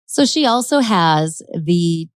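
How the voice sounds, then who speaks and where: A woman's voice: on the low side, animated, slow, clear, resonant tone, no echo. A woman hosting a podcast, retelling a true-crime case in a chatty, dramatic way with frequent laughs. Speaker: podcast host. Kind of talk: casual true-crime storytelling.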